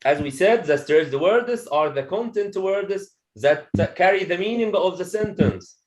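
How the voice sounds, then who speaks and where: A man's voice: high-pitched, animated, measured pace, background noise. A man teaching a pronunciation lesson to a classroom of students, repeating phrases and checking understanding with "okay?". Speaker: English teacher.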